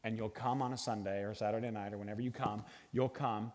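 Animated middle-aged man preaching in a hall. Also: fairly low pitch, quick pace. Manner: animated, jokey, bursts into sung movie lines. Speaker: guest speaker. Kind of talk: sermon. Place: church hall with an audience. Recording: long hall reverb.

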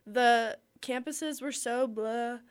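Young woman from Minnesota, animated storyteller co-hosting a chatty podcast; voice sits a bit high. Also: slow pace, smooth. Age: young adult. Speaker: podcast co-host. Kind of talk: casual chat.

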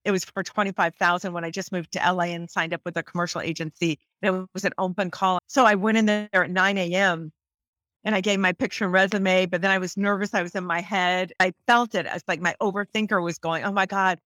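Woman guest on a talk, super animated, acts out every voice in her stories, dry close sound. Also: lowish voice, brisk, dry recording. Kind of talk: animated storytelling in an interview.

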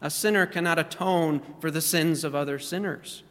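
A man's voice: fairly high pitch, moderate pace, a bit bright, in a large hall. A man preaching a sermon in a church, earnest and full of rhetorical questions. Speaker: pastor.

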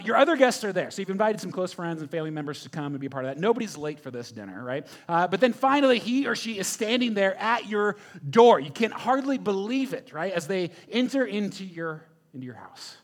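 A man preaching a sermon, telling a story with animated questions to the congregation. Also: high voice. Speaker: pastor.

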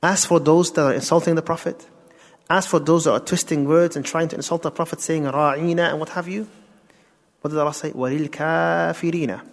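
A man's voice: fairly high pitch, fairly even intonation, quick pace, vocal fry. A man giving a Quran tafsir lesson, explaining step by step, asking rhetorical questions and mixing in Arabic terms. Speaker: Islamic teacher. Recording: long hall reverb.

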